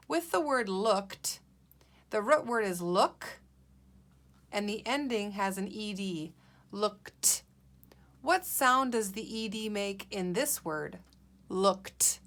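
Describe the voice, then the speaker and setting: A woman's voice: mid-range voice, a bit bright. A woman teacher leading a guided reading lesson for young children, patient and encouraging, sounding out letters and words.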